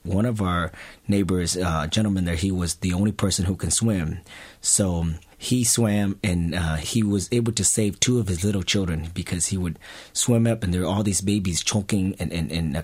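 A man telling a personal family story to an audience, earnest and halting, often restarting his sentences. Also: deep voice, husky, dry recording.

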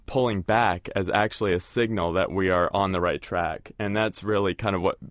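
A man's voice: sits low, fairly even intonation, moderate pace, no echo, studio quality. A man co-author who reads from his book and answers in a thoughtful, hedging way. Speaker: co-author guest. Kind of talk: reading aloud, then interview answers.

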